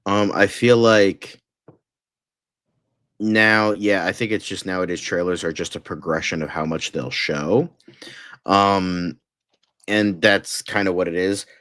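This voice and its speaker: A man with a very low voice chatting on a fan podcast. He hedges and pauses, filling gaps with "um" and "like". The recording is dry, with no room sound. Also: a bit bright, no echo. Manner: halting, hedging, filler-heavy. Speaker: podcast co-host. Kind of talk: casual fan podcast chat.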